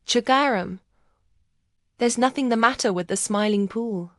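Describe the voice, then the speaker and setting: Gruff and blunt, this is a very old, wise grandfather frog from a storybook, as a woman reading aloud puts him on. He brushes off worries in a dry, close-sounding voice. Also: on the high side, measured pace, no echo, natural voice.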